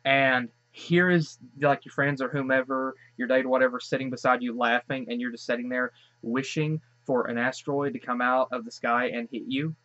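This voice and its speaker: Guy doing a show reaction, gushy and rambly, mid pitch, kinda muffled lo-fi audio. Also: fairly even intonation, moderate pace, pushed and bright, dry recording. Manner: gushing and rambling, many restarts. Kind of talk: casual reaction commentary.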